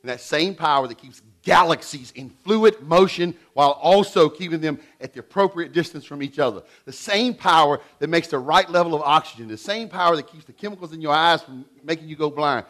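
A middle-aged man preaching a sermon in an animated way, swinging between loud and hushed delivery. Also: on the high side, a little fast, few pauses. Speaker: pastor.

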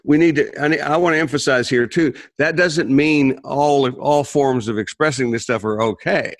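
Casting: male co-host, halting restart-heavy talk, close dry sound. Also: medium pitch, no room sound. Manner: rambling, many restarts and repeated words. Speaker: therapist podcast co-host. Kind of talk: casual conversation.

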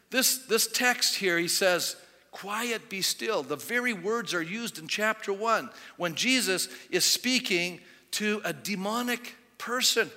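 A man preaching a sermon as pastor, animated and emphatic, rising loud and dropping soft for effect. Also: high-pitched. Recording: long hall reverb.

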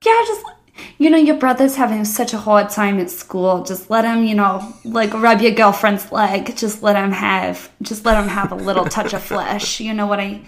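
A woman's voice: medium pitch, normal speed, lightly acted. A woman putting on a sarcastic New Jersey housewife voice. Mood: sarcastic mocking.

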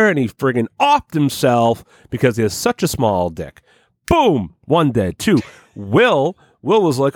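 Animated, profane man telling a story. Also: medium pitch, a little fast, no room sound, studio quality. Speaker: podcast co-host. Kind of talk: crude comedic storytelling.

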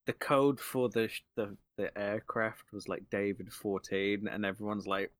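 A man co-hosting a casual film review podcast, animated and quick to laugh. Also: lowish voice, no room sound. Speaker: podcast co-host.

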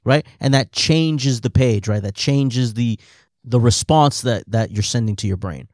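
A man's voice: mid-range voice, unhurried, darkish tone, no echo, studio quality. A man co-hosting a podcast, agreeing and adding to the point, with frequent restarts and "right?" tags. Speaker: podcast co-host. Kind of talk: conversational podcast chat.

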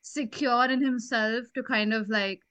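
A woman co-hosting a podcast, thinking out loud in casual chat with many "like" fillers. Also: a little high, steady tone, measured pace, no room sound. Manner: thoughtful, with many "like" and "you know" fillers. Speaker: podcast co-host.

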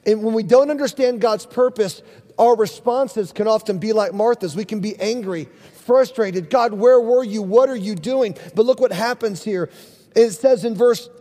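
High-voiced pastor preaching in a reverberant hall. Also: male voice, dark tone. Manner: earnest, emphatic preaching that calls out to the congregation. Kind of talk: sermon. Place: church sanctuary.

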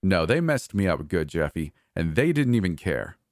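A man's voice: low-pitched, big pitch swings, normal speed, no echo, clean studio sound. A man doing a mocking, murderous brother. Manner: taunting, mocking, erratic shifts into yelling. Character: manic, cruel adult brother, mocking and murderous.

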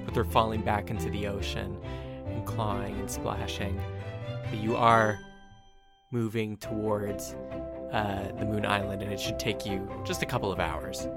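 A man narrating a tabletop game as game master in a loose, relaxed way. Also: on the low side, measured pace, loud music behind the voice.

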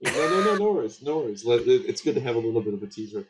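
A man's voice: mid-range voice, sing-song, racing, background noise. A male host interviewing a guest, asking encouraging, playful questions.

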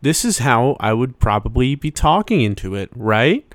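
A man's voice: medium pitch, sing-song, moderate pace, no room sound. A man hosting a solo podcast from his bedroom, talking in a rambling, jokey way with lots of restarts and asides, close to the microphone. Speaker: podcast host.

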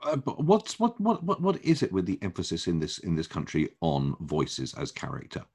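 A man hosting an interview, asking halting questions and repeating words as he searches for them. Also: low-pitched, huge pitch swings, a little mellow, slightly rough. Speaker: podcast host. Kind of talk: casual interview chat.

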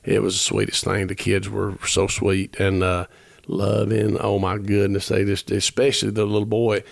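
Gravelly earnest man in his fifties. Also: on the low side, completely flat delivery, moderate pace, no room sound. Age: 50s. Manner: earnest, rambling with restarts, quotes dialogue. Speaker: musician guest. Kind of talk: storytelling in a podcast interview.

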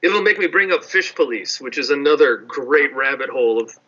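A man's voice: medium pitch, lively intonation, fairly quick, bright, forceful tone. A man co-hosting a podcast in casual chat, enthusiastic and rambling with jokes. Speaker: podcast co-host. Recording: dull lo-fi podcast audio.

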